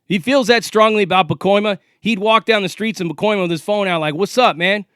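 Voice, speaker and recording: Forties guy ranting and cussing out some rival, kinda high voice, real dry close sound. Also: fast talker, fairly bright tone, clean tone, no room sound. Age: 40s. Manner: confrontational, profane, taunting. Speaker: vlogger. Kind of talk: ranting monologue to camera.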